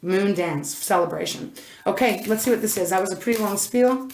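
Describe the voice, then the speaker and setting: A woman's voice: mid-range voice, brisk, darkish tone, slight background noise. Chatty woman reading cards in an echoey room. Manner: chatty, rambling, self-interrupting, frequent "oh my gosh". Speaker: intuitive tarot reader. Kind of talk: casual card reading to camera. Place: indoor room. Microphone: camera mic.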